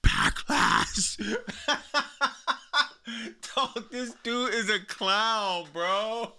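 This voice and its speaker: A man's voice: sits high, drawn-out words, pushed and bright, clean tone. A man streaming casual reaction commentary, slangy and laughing often as he talks to his chat. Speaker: streamer reacting to wrestling clips.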